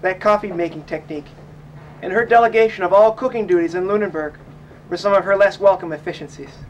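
A young man calmly reading his first-person memoir of sailing aloud. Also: high-pitched, fast talker, far from the mic, poor audio. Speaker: audiobook narrator. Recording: faint noise, voice set back from mic.

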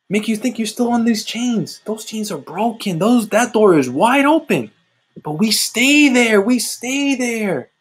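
A man delivers a heartfelt sermon, swinging from urgent emphasis to quiet, intimate asides. His voice sits fairly high and has a husky, breathy grain. He repeats lines for weight and talks to his listeners like friends. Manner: impassioned, repetitive, addresses listeners as "guys". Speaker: preacher.

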